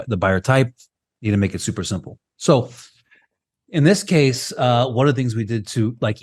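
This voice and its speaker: A man co-hosting a podcast over a video call, explaining at length in casual chat and often checking in with "right?". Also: lowish voice. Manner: animated, keeps asking "right?". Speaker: podcast co-host.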